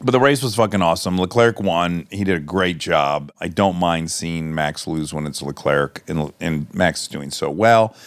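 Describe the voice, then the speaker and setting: A male podcast host in casual chat, telling lively stories and swearing freely. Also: low-pitched, moderate pace, few pauses, no echo, clean studio sound. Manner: animated storyteller, swears freely.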